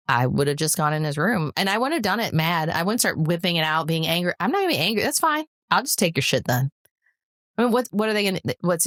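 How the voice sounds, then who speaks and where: This is a middle-aged woman with a notably low voice, talking in a blunt, no-nonsense way and laughing often as she tells stories. The sound is dry and close, with no room around her. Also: fairly bright tone, no echo. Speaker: podcast co-host. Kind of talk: casual chat.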